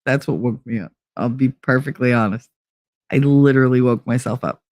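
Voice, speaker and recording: A woman's voice: rumbling low, normal speed, darkish tone, dry recording. A woman hosts a casual livestream, her voice stuffy and congested from a cold. She talks bluntly, often laughing as she answers chat. The sound is close and dry, with no room around it. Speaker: livestream host reading chat.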